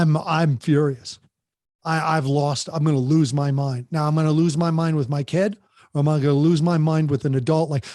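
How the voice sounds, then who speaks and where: A man's voice: fairly high pitch, dark tone, no echo, clean studio sound. A man who works as a parent coach, talking animatedly as a podcast guest and often restarting his sentences.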